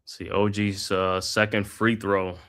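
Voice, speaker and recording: A man hosting a live watch-party stream, calling the game play by play in a steady flow with casual slang asides. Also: on the low side, slow pace. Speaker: host.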